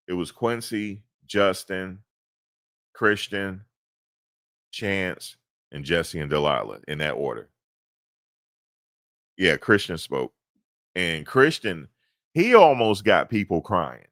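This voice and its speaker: A man recapping events in a casual, animated storytelling manner, slangy and repetitive. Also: low voice, takes it slowly, pauses often, no room sound, studio quality. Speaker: commentator recapping a court hearing.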